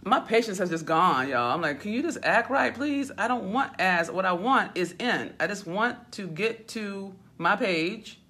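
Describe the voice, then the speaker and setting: Woman mentor doing a phone livestream, chatty and fussy, bright tense voice. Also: mid-range voice, lively intonation, a little slow, hardly any pauses, slightly rough. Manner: chatty, fussy, laughing, talks to viewers by name. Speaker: business mentor hosting a livestream. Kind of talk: casual livestream chat. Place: hotel suite. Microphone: phone held at arm's length.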